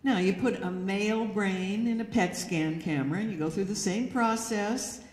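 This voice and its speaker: In a church hall with long, echoing reverb, a woman lecturer gives an educational talk, telling anecdotes and acting out the quoted dialogue. Her medium-pitched voice is a little mellow, at a normal speed.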